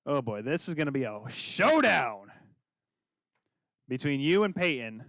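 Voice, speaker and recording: A young man co-hosting a casual hockey podcast, arguing excitably and rattling off names. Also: mid-range voice, dry recording, clean studio sound. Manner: excitable, rapid-fire arguing. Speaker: podcast co-host.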